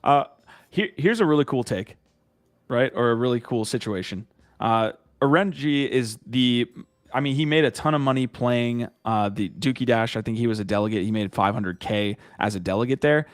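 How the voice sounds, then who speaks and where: A man's voice: medium pitch, normal speed, no room sound, clean studio sound. A man hosting a casual podcast who rambles, restarts his sentences and laughs as he talks. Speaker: podcast host. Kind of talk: casual chat.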